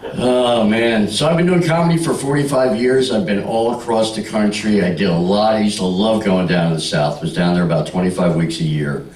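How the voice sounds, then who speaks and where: A stand-up comic in his sixties tells jokes and stories to a party crowd in a room with a live audience, bantering back with them and landing punchlines. His voice is lowish, brisk and a little mellow, and the mic sounds distant and roomy.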